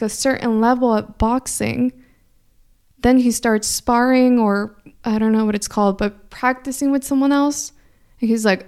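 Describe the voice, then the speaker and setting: A young adult woman, a coach hosting a weekly inspirational talk, speaking in a gentle, encouraging, reflective way. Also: fairly high pitch, clear, resonant tone. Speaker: spiritual coach host.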